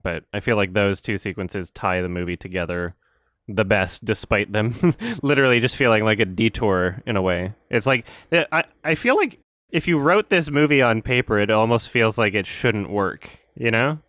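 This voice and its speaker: Chatting about a film on a podcast he co-hosts, this man rambles and laughs a lot. His lowish, slightly bright voice has lively intonation and a moderate pace, captured in clean studio sound without echo.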